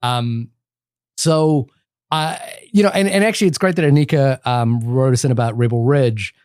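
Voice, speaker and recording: A man co-hosts a film podcast, discussing movies casually in a rambling, enthusiastic way with many restarts. His mid-range voice is smooth and a little mellow at a normal speed, recorded dry with clean studio sound.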